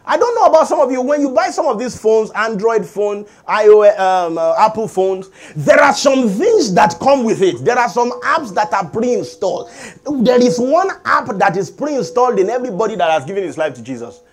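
A middle-aged man preaching a sermon as pastor, animated and calling for amens from the congregation. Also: high-pitched, normal speed. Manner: animated preaching with call-and-response.

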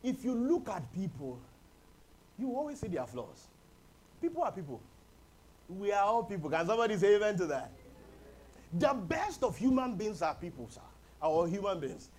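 A man's voice: high-pitched, big pitch swings, normal speed, long pauses, darkish tone, a little hiss or hum, poor audio. A man preaching a humorous sermon as pastor, calling on the congregation to respond. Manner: humorous, chuckles often, calls for congregation responses. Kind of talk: lively sermon.

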